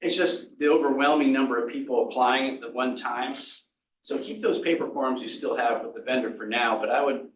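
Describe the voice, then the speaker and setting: A man presenting at a workshop, rattling off practical advice at an auctioneer's clip in an informal way. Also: mid-range voice. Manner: rapid-fire, talks like an auctioneer. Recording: roomy, distant audio with faint noise.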